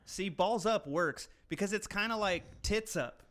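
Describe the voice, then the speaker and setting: A man's voice: high-pitched, unhurried, a bit bright. Young American man, podcast co-host. Crude, joking, casual delivery. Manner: crude, joking, reads slang lists aloud. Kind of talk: casual chat.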